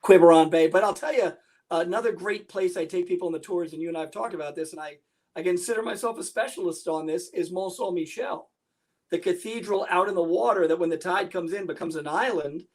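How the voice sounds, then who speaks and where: A man's voice: high-pitched, brisk. A man, a military historian guest, chatting eagerly on a video call and jumping in with enthusiastic asides. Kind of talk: casual interview chat.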